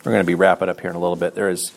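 Middle-aged male preacher, low gravelly voice, earnest and chatty, repeats lines for emphasis. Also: level tone, rapid-fire. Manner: earnest, conversational, self-deprecating, repeats phrases. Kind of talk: sermon.

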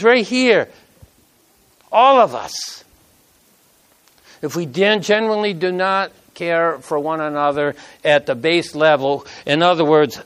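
A man's voice: a little high, smooth. A middle-aged man preaching a sermon, telling a personal story with emotion and reading scripture aloud in an earnest way.

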